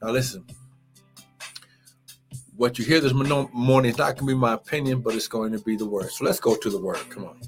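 A man's voice: mid-range voice, fairly quick, pauses often, loud music behind the voice. A man preaching a live morning sermon as pastor, exuberant and repetitive, calling out praise and urging listeners on. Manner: repeats phrases and urges listeners to get it.

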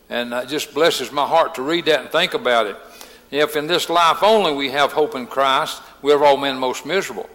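A man's voice: mid-range voice, moderate pace, fairly bright tone, big-room sound. A man preaching a sermon in a folksy way, full of "uh" fillers and rising into fervent testimony. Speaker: pastor.

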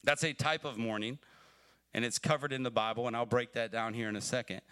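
A man preaching a sermon on a livestream, talking to his viewers like a friend. His voice is bright and a little strained. He builds from easy conversational explanation to fervent, pleading emphasis. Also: mid-range voice, steady tone, a little fast, clear, resonant tone. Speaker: pastor. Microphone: livestream mic.

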